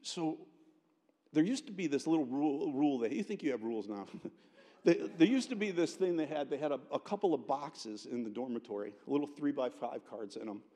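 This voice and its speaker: A man preaching a chapel sermon, telling a personal story in an animated way with frequent restarts. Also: medium pitch, fairly quick. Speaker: pastor, guest chapel speaker. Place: college chapel. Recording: long chapel reverb.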